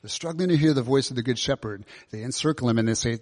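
A man's voice: medium pitch, fast talker, darkish tone. A man preaching a sermon in a conversational way, asking his listeners many questions. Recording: long reverb of a large hall.

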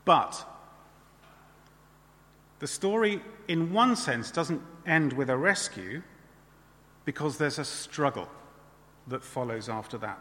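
A man's voice: mid-range voice, bright, forceful tone, in a large hall. A man preaching a sermon in a church in a conversational way, often adding tag questions.

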